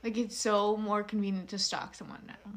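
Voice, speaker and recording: A young woman co-hosting a podcast in casual chat, chiming in with quick, dry teasing remarks. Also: mid-range voice, flat delivery. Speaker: podcast co-host.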